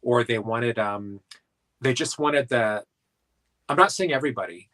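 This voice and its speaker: A man from South Dakota talks about paranormal work in a casual interview. His talk rambles and is full of filler words, at a middle pitch. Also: a little slow, sharp tone, poor audio. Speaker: paranormal investigator guest.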